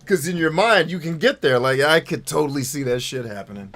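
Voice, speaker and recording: A man's voice: fairly high pitch, expressive, fairly quick, few pauses, fairly bright tone. Foul-mouthed joking man streaming a game. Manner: profane, joking, self-mocking. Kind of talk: live gameplay commentary reading chat.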